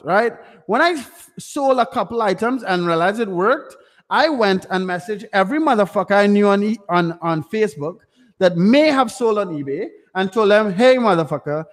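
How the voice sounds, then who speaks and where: Ranting, profane high-voiced man. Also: fairly bright tone, big-room sound. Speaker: livestream host answering chat questions. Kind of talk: live Q&A stream.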